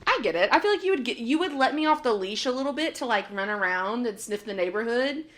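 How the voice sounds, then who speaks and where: Young woman, podcast co-host, slightly high voice, animated, quick laughs, casual chat. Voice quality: animated, laughs often, quotes herself in voices.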